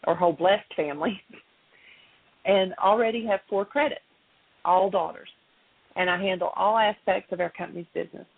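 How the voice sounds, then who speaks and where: A woman co-hosting a radio show, reading a story aloud in a steady, matter-of-fact way. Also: lowish voice, vocal fry, breathy edge, no echo. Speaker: radio co-host. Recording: phone-line radio audio.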